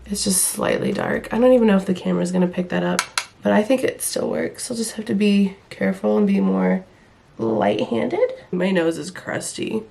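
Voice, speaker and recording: A woman's voice: mid-range voice, moderate pace, gravelly, darkish tone, a little hiss or hum. A young woman vlogger with a stuffy nose from illness, chatting casually through a makeup review with rambling, self-deprecating asides. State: stuffy-nosed and hoarse from illness. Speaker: beauty vlogger.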